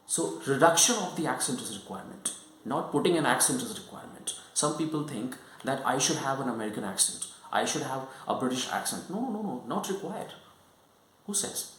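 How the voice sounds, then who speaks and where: Man, english teacher, mid pitch, explanatory, keeps asking "right?", echoey room. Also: animated, fairly quick, a bit bright. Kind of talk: online English lesson. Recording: roomy echo.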